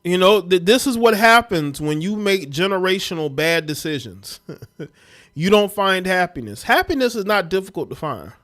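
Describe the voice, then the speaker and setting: A man hosting a livestream, commenting on clips in a blunt and scornful way. His voice sits a bit high for a man, and he speaks straight to his viewers. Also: lively intonation, moderate pace, fairly bright tone. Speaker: livestream host.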